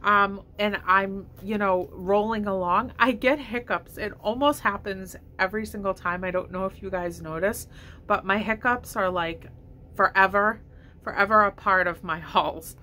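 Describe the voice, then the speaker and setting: This vlogger's mid-range voice is bright and forceful, delivered at normal speed. She rambles cheerfully about her shopping haul to camera at home, hiccupping as she goes, with slight background noise.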